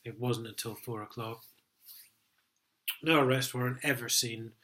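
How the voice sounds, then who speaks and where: A man's voice: mid-range voice, fairly even intonation, a little slow, sharp tone. Aggrieved middle-aged man, sweary. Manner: aggrieved, sweary storytelling with many ums. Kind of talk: casual personal account.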